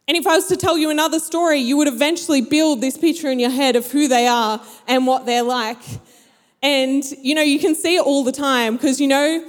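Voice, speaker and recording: Speaking high in her range, a young woman tells a story to a live audience in a large hall and acts out the people in it. Her tone is steady and her pace a little fast, and the room gives her voice a long reverb.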